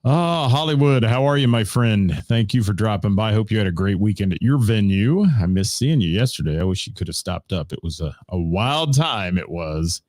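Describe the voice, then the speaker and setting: Middle-aged male radio host, low voice, loose rambling delivery full of fillers, dry studio sound. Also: lively intonation, moderate pace, few pauses, a little mellow, dry recording. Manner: rambling, chatty, many "uh" fillers, greets viewers by name. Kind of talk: casual live-stream chat. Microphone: studio mic.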